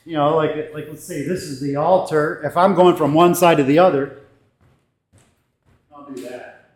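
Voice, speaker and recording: Male pastor, somewhat high voice, relaxed thoughtful teaching talk, recorded in a reverberant church with shifting mic distance. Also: a little slow. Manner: conversational, thoughtful, with restarts and gestures. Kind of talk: casual teaching talk to a congregation. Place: church sanctuary. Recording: echoey church room.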